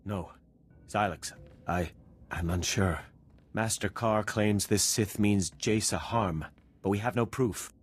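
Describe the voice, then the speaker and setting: An actor playing a thoughtful male Jedi Knight in a video game, who speaks in a measured, earnest way. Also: on the low side.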